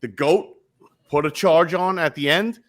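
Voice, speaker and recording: A slightly high-voiced man rants bluntly about football on a casual podcast. He swears freely and hammers each point with repetition. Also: a little slow, fairly bright tone. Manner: blunt, profane, emphatic with frequent repetitions. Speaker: podcast co-host. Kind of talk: casual sports chat.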